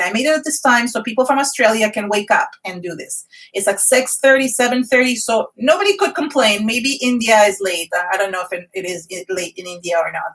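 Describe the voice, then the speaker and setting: A woman hosting a live art journaling class, chatting excitedly and greeting viewers one by one. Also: on the high side, recorded from a distance.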